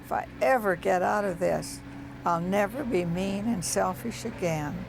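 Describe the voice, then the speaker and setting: A woman's voice: mid-range voice, unhurried, gravelly, background noise. A woman voicing a selfish, one-legged little male chick in a spoken story, grumbling and pleading in turn.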